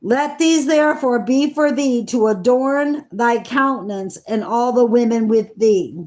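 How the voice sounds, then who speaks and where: A woman slowly reading scripture aloud, earnest, stumbling over hard names and adding eager comments of her own. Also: fairly high pitch. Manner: excited asides about the text. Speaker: Bible reader.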